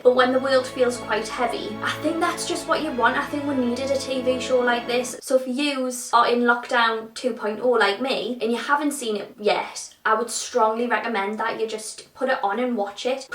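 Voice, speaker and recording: A woman's voice: a little high, fairly bright tone. A young woman with a British accent, chatting informally and animatedly while reviewing a TV show. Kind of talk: casual chat. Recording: echoey room.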